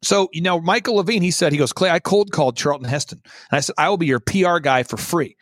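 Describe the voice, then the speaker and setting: A man's voice: on the high side, quick pace, a bit bright, dry recording, clean studio sound. A man appearing as a guest on a talk show, telling a story in an emphatic, theatrical way and repeating points for emphasis.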